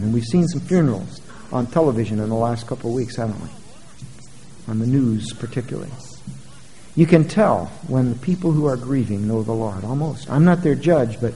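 A man preaching a sermon, moving between quiet, low asides and loud, emphatic passages. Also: big-room sound, a little hiss or hum, rough recording.

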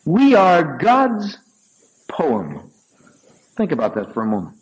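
Older pastor preaching with rising emphasis. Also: male voice, a little high, brisk, slight background noise, low-quality recording. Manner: storytelling, animated swings from soft asides to raised emphatic peaks. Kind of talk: sermon. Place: church sanctuary.

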